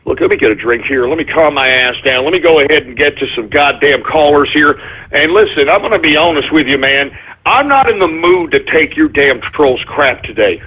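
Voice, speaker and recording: Husky man ranting on lo-fi radio. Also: on the high side, fairly quick. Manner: swings between shouting at trolls and forced calm. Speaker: radio show host. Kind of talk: call-in radio rant. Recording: lo-fi internet radio audio.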